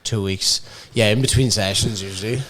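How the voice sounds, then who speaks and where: Rambling man, lowish voice. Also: steady tone, moderate pace, fairly bright tone. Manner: rambling, swears often, many fillers. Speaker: podcast co-host. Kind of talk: casual chat.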